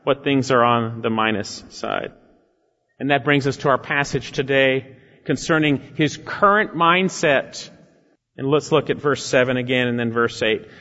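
A man preaching an expository sermon, emphatic, rising on key phrases and sinking low and slow at the end of a thought. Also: bright, forceful tone. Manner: emphatic, swells in pitch and volume on key phrases, drops low and slow at line ends. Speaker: pastor. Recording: muffled sound with long hall reverb.

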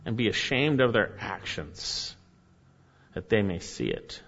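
Guy preaching a sermon, gets loud then goes quiet reading verses, kinda muffled recording. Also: fairly low pitch, unhurried. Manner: expressive preaching, swings from loud emphasis to hushed reading of scripture. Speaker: pastor.

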